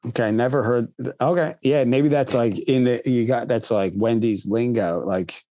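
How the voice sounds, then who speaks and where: A man's voice: medium pitch, darkish tone, no room sound. Hungover man, dry close sound. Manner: halting, stumbles over words. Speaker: podcast co-host. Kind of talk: casual chat.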